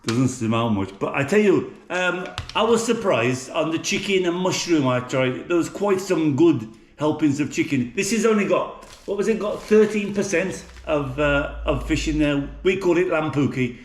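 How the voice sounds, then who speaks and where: A man's voice: a little high, lively intonation, moderate pace, reverberant. A middle-aged man from England with an English accent, chatting casually in a home kitchen with many fillers and restarts. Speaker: cooking vlogger. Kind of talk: casual chatty cooking vlog.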